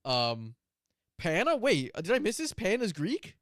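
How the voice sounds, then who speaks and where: A man with a high voice chatting on a stream, rambling through asides and laughing easily. He sounds dry and close, with no room echo at all. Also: huge pitch swings, unhurried, a bit bright. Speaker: stream co-host. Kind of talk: casual stream chat.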